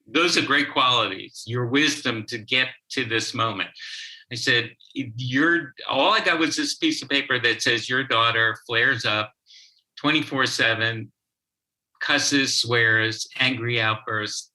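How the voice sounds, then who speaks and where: A man tells a story from his work as a therapist in a podcast interview. He speaks slowly and stops often to restart his sentences. His voice sounds very bright and edgy. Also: medium pitch, poor audio. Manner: slow, halting, with many restarts. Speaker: guest, child therapist.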